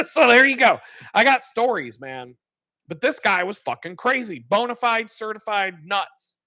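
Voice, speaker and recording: A man on a live stream, telling stories in casual, profane, animated talk. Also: high voice, measured pace, no echo. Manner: profane, animated, laughs often. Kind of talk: casual storytelling.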